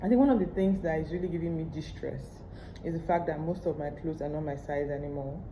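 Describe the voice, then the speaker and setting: A woman's voice: sits low, fast, dark tone, slight background noise. A pregnant woman with a Nigerian English accent, chatting candidly to her camera at home in a casual vlog. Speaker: vlogger. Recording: roomy echo.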